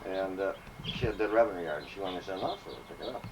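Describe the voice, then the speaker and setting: Man, low voice, profane animated storytelling, distant mic, background noise. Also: rapid-fire. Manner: profane, animated anecdotes with acted quotes. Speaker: former police dispatcher telling stories. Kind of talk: casual storytelling among old friends. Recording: distant mic, noisy home recording.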